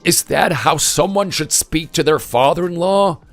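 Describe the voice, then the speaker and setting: Guy doing a whiny older father-in-law, kinda high voice, soft music under it. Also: a little slow. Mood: complaining. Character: aggrieved older man, a father-in-law, pleading. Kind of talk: voice-acted text story.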